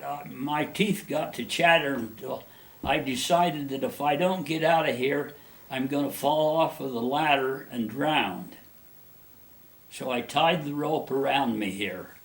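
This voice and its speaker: A man being interviewed, telling a personal story in a rambling, folksy way with many restarts. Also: mid-range voice.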